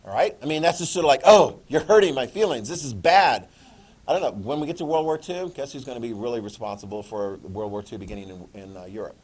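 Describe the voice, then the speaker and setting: A middle-aged man giving a classroom history lecture in a jokey, animated way, acting out quick voices. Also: on the low side. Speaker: history teacher.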